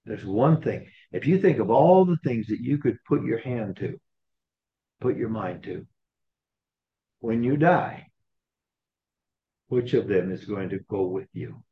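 A man's voice: lowish voice, animated, unhurried, pauses often. A man preaching a sermon in a conversational way, often repeating and restarting his phrases. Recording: roomy, dull recording.

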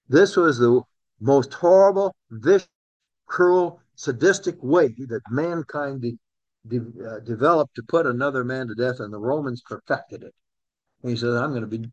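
A man's voice: medium pitch, dry recording, lo-fi sound. A man preaching a sermon in a conversational way, calling on listeners by name. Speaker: pastor.

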